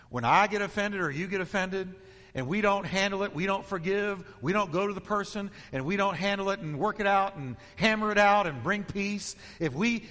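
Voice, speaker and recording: A man's voice: sits high, sharp tone, big-room sound. A man preaching a sermon as pastor, emphatic and rhythmic, stacking repeated phrases.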